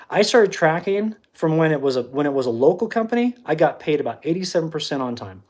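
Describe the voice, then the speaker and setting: A man telling a story on a livestream in a casual, animated way, acting out the quoted exchanges with frequent restarts. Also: a little high, fairly quick, husky. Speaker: livestream host.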